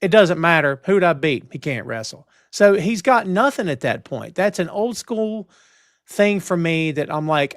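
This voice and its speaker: A man's voice: fairly high pitch, big pitch swings, measured pace, no room sound, clean studio sound. A man co-hosting a podcast in casual chat, opinionated and emphatic, talking from a home setup on a stream. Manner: opinionated, emphatic, old-school wrestling talk. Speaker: podcast co-host.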